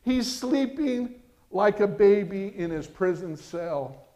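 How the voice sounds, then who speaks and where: Pastor guy preaching, fairly high voice, gets real animated, swings loud and soft. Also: takes it slowly. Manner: animated preaching, acts out quotes with rising voice. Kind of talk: sermon.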